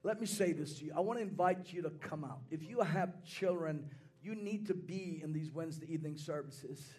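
A hoarse man preaching a fervent sermon in church, with call-and-response. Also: fairly high pitch, fairly quick, darkish tone. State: hoarse from a sore throat. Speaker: pastor. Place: church sanctuary.

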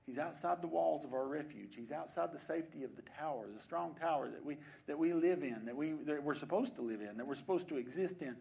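High-voiced male preacher. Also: fast talker, gravelly, hardly any pauses. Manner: repetitive, soft then building, rhetorical questions. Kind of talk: sermon. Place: church.

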